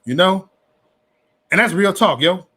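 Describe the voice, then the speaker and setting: A man hosts a casual livestream into a webcam or phone mic, ranting with slang and preacher-like repetition. His voice sits on the higher side, and he stumbles over restarts as he gets worked up. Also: expressive, unhurried, pushed and bright, slightly rough. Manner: repeats words and stammers on restarts. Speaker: livestream host.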